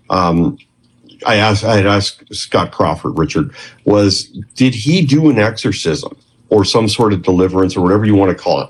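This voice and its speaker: Man, husky, lowish voice, animated storyteller, interview guest. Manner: animated storyteller, quotes others' words.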